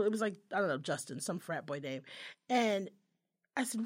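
A young woman talks in a casual podcast chat. Her voice sits a little high and jumps up and down a lot as she acts out the people in her stories. She swears freely. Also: quick pace, slightly rough. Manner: animated storytelling, profane, acts out quotes. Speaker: podcast co-host.

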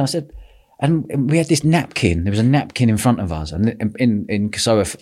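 A man hosting a podcast, telling a lively story with lots of laughter and quoted voices. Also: fairly low pitch, a little fast. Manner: animated, laughing, acts out quotes. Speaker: podcast host. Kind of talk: casual storytelling chat.

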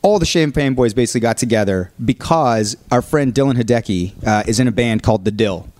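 A man from Canada telling a story in a casual chat, lively and animated, acting out the people he quotes. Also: mid-range voice, a little fast. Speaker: podcast co-host.

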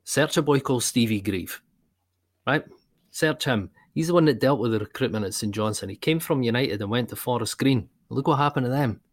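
A man with a Scottish accent co-hosting a casual football podcast, chatty and quick to laugh. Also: medium pitch. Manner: chatty, peppered with "you know", quick to laugh. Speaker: podcast co-host.

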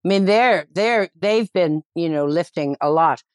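A woman's voice: fairly low pitch, measured pace, no echo, studio quality. A woman with a Newfoundland accent, a comedian guest chatting irreverently and swearing freely as she tells stories. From Newfoundland, Canada. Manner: salty, irreverent storyteller who swears freely. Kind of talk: casual interview chat. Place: at home, remote interview.

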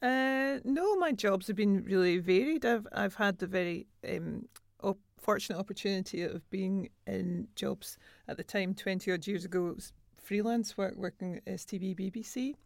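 A woman guest speaking in a measured, thoughtful way in casual chat. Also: mid-range voice, no echo, studio quality.

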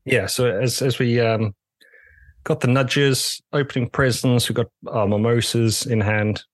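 A man's voice: medium pitch, steady tone, a little slow, no echo. A man co-hosting a podcast in casual chat, hesitant and often repeating words. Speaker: podcast co-host.

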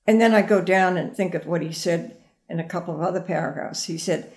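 A woman's voice: on the low side, a little fast, creaky. Older woman, interview guest, meandering anecdotal delivery. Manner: rambling, anecdotal storytelling. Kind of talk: reminiscing conversation.

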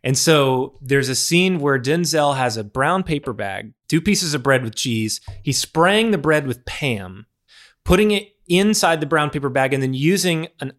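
A man's voice: fairly high pitch, expressive, a little slow, a bit bright. A man co-hosting a film podcast, retelling a scene in an earnest, rambling way with many restarts. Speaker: podcast co-host. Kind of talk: casual film discussion.

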